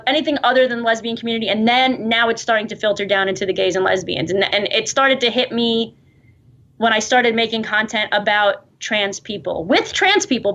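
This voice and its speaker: A woman in her thirties with a New York accent, a guest in an interview, chatting quickly and laughing as she talks. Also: on the high side, fairly bright tone. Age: 30s. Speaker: guest, online video creator. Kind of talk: interview conversation. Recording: dull lo-fi replayed clip.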